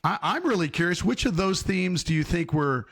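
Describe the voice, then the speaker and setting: A man hosting a podcast interview, enthusiastic and quick with interjections. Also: sits high, lively intonation, fairly bright tone. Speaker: podcast host.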